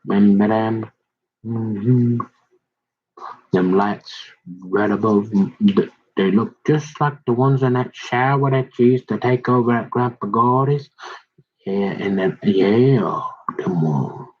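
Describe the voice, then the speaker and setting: A man rambling slowly through a casual monologue, folksy and meandering, with trailing asides. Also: lowish voice, husky. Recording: dull lo-fi recording.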